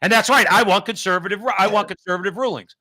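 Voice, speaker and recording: Fiery, high, bright-voiced male host. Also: fast talker. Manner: fiery, rising to shouts, stacked rhetorical questions. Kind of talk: political talk show commentary.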